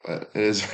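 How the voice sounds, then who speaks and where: A man's voice: on the high side, a little mellow. A young man chatting casually on a live stream, thanking viewers and joking crudely with plenty of swearing. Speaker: livestreamer.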